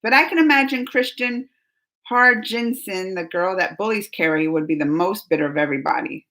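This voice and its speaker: A woman's voice: mid-range voice, moderate pace, sharp tone. A woman hosting a casual live-stream chat from home, chipper and chatty, reading viewer names aloud. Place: at home, just out of bed.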